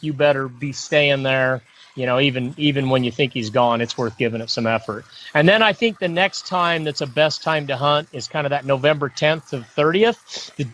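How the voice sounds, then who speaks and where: Rambling middle-aged man, slightly high voice. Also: a bit bright. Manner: rambling, repeats himself. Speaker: mule deer hunting guest. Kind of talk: casual podcast conversation.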